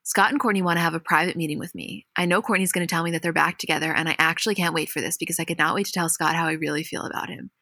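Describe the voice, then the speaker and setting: A woman's voice: lowish voice, fairly even intonation, racing, hardly any pauses, bright, forceful tone, dry recording, clean studio sound. A woman reading out the lines of a furious young woman confronting her sister, quoting her verbatim. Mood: indignant.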